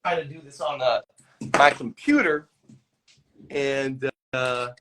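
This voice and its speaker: A man's voice: medium pitch, slow, a crowd in the background. A man, an actor, chatting casually as a guest on a live phone call, telling stories in a rambling way with many restarts.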